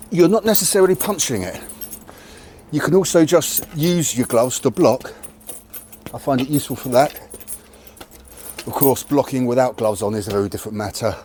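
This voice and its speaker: A man talks through a training drill outdoors in a plain, candid, unhurried way. His pitch sits in an ordinary middle range. Faint outdoor noise sits behind his voice. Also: darkish tone. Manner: plain, matter-of-fact, candid explanations. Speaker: martial arts channel host. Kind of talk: casual training demonstration to camera. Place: outdoors near a tree.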